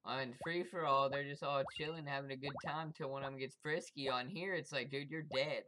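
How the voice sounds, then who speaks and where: A gameplay commentator who trash-talks enemies in profane, excitable bursts and yelps when startled. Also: medium pitch, moderate pace, background noise. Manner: taunts the game's enemies directly. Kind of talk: let's-play commentary.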